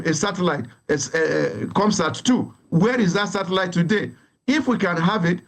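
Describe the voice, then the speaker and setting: A man with a high voice argues firmly as a guest expert in a TV news interview. He presses his point with emphasis, stacking and repeating phrases as he goes.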